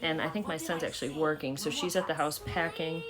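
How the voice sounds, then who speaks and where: A woman's voice: steady tone, fairly quick. Chatty older woman vlogging at home. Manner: chatty, coos in a high baby-talk voice to a toddler. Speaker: vlogger grandmother. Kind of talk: casual home vlog. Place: home living room.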